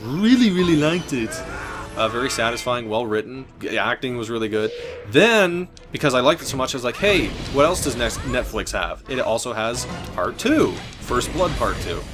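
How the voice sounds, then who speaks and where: A man's voice: mid-range voice, moderate pace. Joking young man over game music. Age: 20s. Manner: joking, rambling, deadpan absurd asides. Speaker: gaming channel host. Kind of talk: casual gameplay commentary. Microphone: desk mic with button clicks heard.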